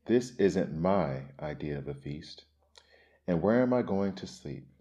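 A man's voice: sits low, lively intonation, unhurried, warm tone. A man voicing a haughty male town mouse who sneers at country life, in a storybook reading. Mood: sneering. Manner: sneering, sniffy. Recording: dull lo-fi recording.

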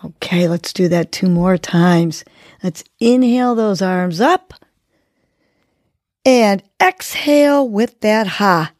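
A woman's voice: mid-range voice, animated, takes it slowly, darkish tone, no echo, clean studio sound. A woman hosting a podcast, guiding a breathing exercise and giving encouraging, coaching words. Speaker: podcast host. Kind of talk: guided breathing and motivational talk.

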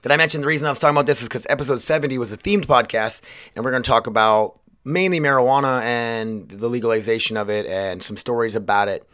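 A man's voice: medium pitch, fast, fairly bright tone. A young man hosting his own podcast, talking casually in a rambling way, restarting sentences and swearing freely. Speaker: podcast host. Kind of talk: casual solo podcast monologue.

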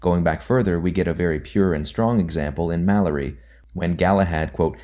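A man narrating an audiobook in a measured, deliberate reading. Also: low-pitched, warm tone.

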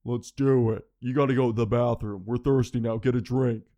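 A man putting on his own inner voice as a pumped-up male coach barking short commands, lower and louder than his usual talk. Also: fairly even intonation, a little fast, natural voice. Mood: hyped.

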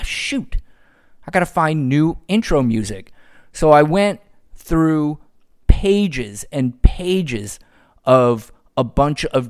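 Solo podcast host, man, slightly high voice, lively sarcastic rant. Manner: sarcastic, ranting, profane.

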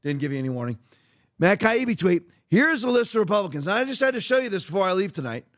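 High-voiced man hosting heated commentary. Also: sing-song, quick pace, a bit bright. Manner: heated, emphatic, repetitive. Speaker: podcast host. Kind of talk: opinionated political commentary.

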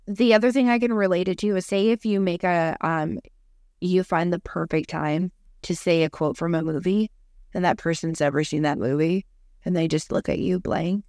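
A young woman hosting a casual podcast chat, telling stories in a relaxed, rambling way. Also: on the low side, moderate pace, dry recording, clean studio sound. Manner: rambling, relaxed storytelling with fillers. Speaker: podcast host.

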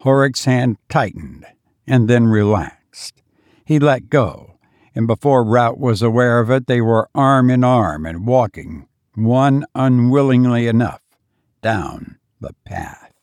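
A man giving measured, deliberate scripted audiobook narration on a close studio mic. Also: medium pitch, expressive, darkish tone, no room sound.

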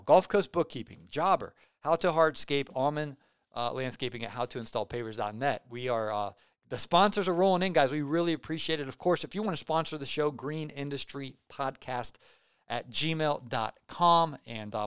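A young man hosting a podcast, chatting casually and rambling excitably with lots of fillers and self-deprecating jokes. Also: medium pitch, brisk, clean tone, dry recording, clean studio sound. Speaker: podcast host. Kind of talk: casual podcast sign-off chat.

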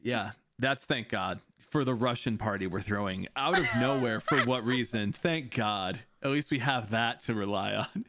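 A man's voice: mid-range voice, normal speed, few pauses, heavy background noise. A man hosting a podcast in casual chat, rambling loosely, laughing often and swearing. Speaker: podcast host. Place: home streaming setup.

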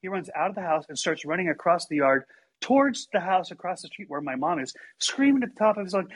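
A man telling a story in casual chat, animated and acting out the quotes. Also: sits high, fairly quick, breathy edge, low-quality recording. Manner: animated, acts out quotes with big voice shifts.

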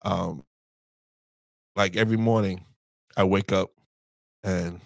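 A man co-hosting a casual podcast chat about marriage, a relaxed storyteller who acts out past conversations. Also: low-pitched, slow, creaky, no echo. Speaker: podcast co-host.

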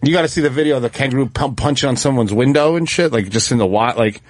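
A man's voice: mid-range voice, fast talker, slight background noise. A man guesting on a radio show, talking bluntly and profanely in casual banter. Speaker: chef guest.

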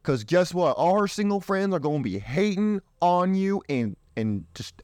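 A man's voice: sits high, very animated, moderate pace, a little mellow, clear, resonant tone, no echo, clean studio sound. A young man hosting a show, giving blunt, provocative commentary while reading a dating list aloud. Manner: blunt, provocative, slips into mocking voices for others. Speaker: podcast host.

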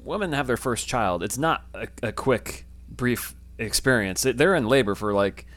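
A man's voice: mid-range voice, animated, moderate pace, fairly bright tone. A man co-hosting a casual podcast, joking with disbelief about the pace of a TV show and talking to listeners. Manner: joking, incredulous, addresses listeners. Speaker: podcast co-host. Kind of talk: casual chat recapping a TV episode.

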